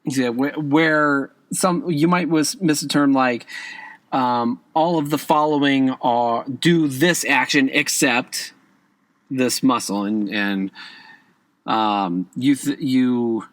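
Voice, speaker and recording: A man with a medium-pitched voice speaks slowly in a dry recording with no room sound. He hosts a casual exam-prep podcast, chatting conversationally, repeatedly asking "okay?" to check in with listeners and stressing key words with emphatic rises.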